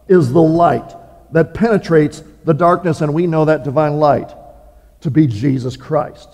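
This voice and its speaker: A man preaching a sermon as pastor, reading scripture and then explaining it in an earnest way, with measured pauses and small restarts. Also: fairly high pitch, warm tone. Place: church sanctuary. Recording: long reverb of a large hall.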